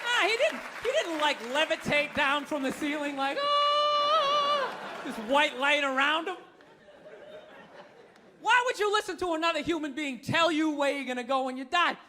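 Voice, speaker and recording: A man in his fifties with a Boston accent doing stand-up, ranting in an animated, incredulous way. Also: very high-pitched, moderate pace, a crowd in the background. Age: 50s. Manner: animated, incredulous rants with acted-out voices. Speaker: stand-up comedian. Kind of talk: stand-up comedy set. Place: comedy club stage before a live audience. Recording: live club recording with audience noise. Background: audience laughter.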